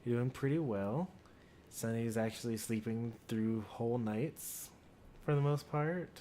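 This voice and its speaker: A man's voice: medium pitch, measured pace, a little hiss or hum. A man in his thirties, tired and yawning, rambling casually to viewers on a game stream. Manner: rambling, relaxed musing aloud. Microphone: desk USB microphone.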